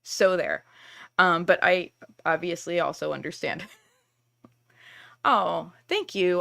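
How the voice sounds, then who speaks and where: A middle-aged woman with a slightly low voice hosts a live online session from her computer. She talks candidly and warmly reassures her viewers, with lots of casual fillers and asides as she chats. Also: takes it slowly, vocal fry, long pauses. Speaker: tarot reader and workshop host. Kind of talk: live stream chat with viewers.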